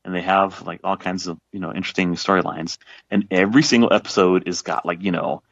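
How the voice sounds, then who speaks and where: A man's voice: low voice, fairly even intonation, fast, gravelly, fairly bright tone, no echo, dull audio. A man in his forties, a guest author, talking in a casual podcast conversation, rambling with many fillers and restarts. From south Texas.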